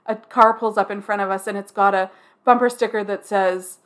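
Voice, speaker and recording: A woman co-hosting a podcast, chatting casually in a relaxed way with dry asides. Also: mid-range voice, moderate pace. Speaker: podcast co-host. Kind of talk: casual chat.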